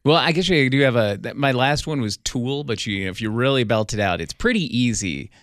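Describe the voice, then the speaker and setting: A man's voice: medium pitch, expressive, a little fast, fairly bright tone, no room sound. A man hosting a podcast, talking in a laid-back, rambling way in a small studio. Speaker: podcast host and producer. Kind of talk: casual sports chat.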